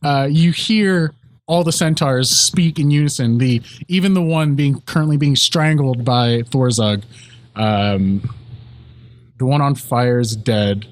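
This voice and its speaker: A man narrating as game master in a tabletop game, halting with ums and restarts and often laughing. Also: mid-range voice, no echo.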